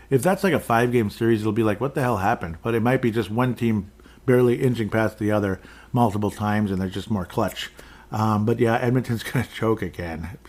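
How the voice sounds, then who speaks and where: A man's voice: lowish voice, a little mellow. A man hosting a podcast, talking casually through sports predictions, rambling and correcting himself, often chuckling. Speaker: podcast host.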